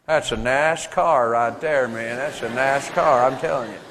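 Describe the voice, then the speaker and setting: Boastful redneck deer hunter played by a man, slow lazy drawl, lowered voice, long hall reverb. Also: lively intonation, a bit bright, a little hiss or hum. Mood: drawling brag.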